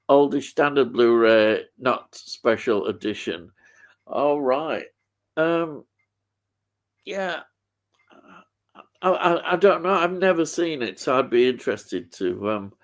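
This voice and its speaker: A man's voice: mid-range voice, animated, slow pace, pauses often. A man hosting a casual live stream, chatting about films and reading out viewer comments, rambling and hesitant with many ums and restarts. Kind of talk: casual chat.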